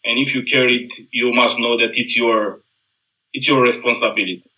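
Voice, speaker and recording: A man from Romania with a Romanian accent, a combat instructor talking earnestly as a guest in halting, non-native English with many restarts. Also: medium pitch, steady tone, sharp tone, highs cut off. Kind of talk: casual conversation.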